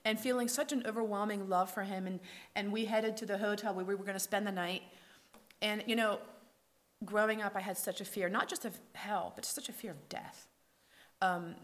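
A woman shares her faith testimony, telling the story in an animated way. She acts out each character's words and drops to a hushed whisper at tender points. Her voice sits in a middle pitch. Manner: lively storyteller who acts out quoted dialogue.

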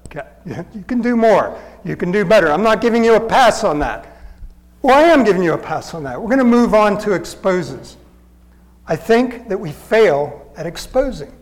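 A man with a high voice delivers a sermon in a church. He talks in a plain, conversational way, yet he hammers each point with insistent repetition. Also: lively intonation, moderate pace, rough recording. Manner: earnest, conversational teaching with emphatic repetition. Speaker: preacher.

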